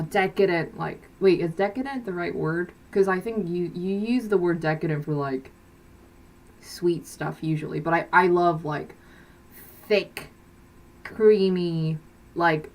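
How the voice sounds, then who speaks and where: A woman musician chatting casually on a livestream, hesitant and rambling, with many fillers and frequent giggles. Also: fairly low pitch. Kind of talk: casual live-stream chat.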